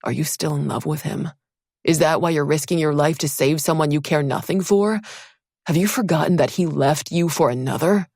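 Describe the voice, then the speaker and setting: A woman's voice: deep voice, a little fast, a little mellow, no room sound, clean studio sound. A woman reading the part of an earnest, protective young male soldier who speaks in intense, urgent questions in an audiobook. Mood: accusing.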